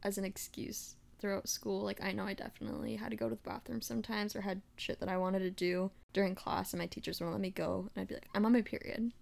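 A young woman co-hosting a podcast, telling her own stories in a relaxed way and saying "like" often. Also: mid-range voice, quick pace, creaky, hardly any pauses. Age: young adult. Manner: relaxed, conversational, says "like" often. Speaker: podcast co-host. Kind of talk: casual chat.

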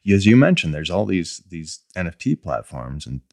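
A man hosting a podcast interview in relaxed conversation, often restarting his phrases. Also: low voice, normal speed, vocal fry, no room sound, clean studio sound. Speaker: podcast host. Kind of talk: casual interview chat.

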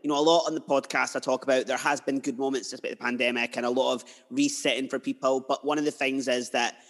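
A man's voice: mid-range voice, flat delivery, fast talker, a bit bright. A man hosting a podcast interview, chatty and emotional, drifting into personal stories. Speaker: podcast host. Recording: long hall reverb.

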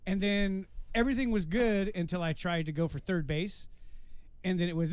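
A man hosting a podcast, telling crude stories in a casual, animated way and swearing freely. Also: high-pitched, normal speed, clear, resonant tone, dry recording. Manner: animated, swearing, acts out voices in his stories. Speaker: podcast host. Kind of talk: casual storytelling chat.

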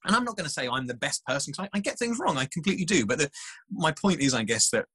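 A man, a scientist guest on an interview podcast, telling stories in an animated way with lots of restarts. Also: fairly high pitch, fast talker, breathy edge, dry recording, rough recording. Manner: animated storytelling, many restarts. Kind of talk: casual interview chat.

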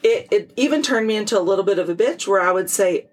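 A woman's voice: medium pitch, fast talker, few pauses, a little hiss or hum, rough recording. A middle-aged woman co-hosting a casual chat, telling stories candidly and sarcastically, with some swearing. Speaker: podcast co-host.

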